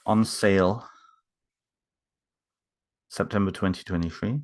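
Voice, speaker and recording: Deep-voiced man, halting casual vlog. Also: fairly even intonation, a little mellow. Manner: halting, many fillers and restarts. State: emotional, moved. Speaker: author unboxing books. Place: home.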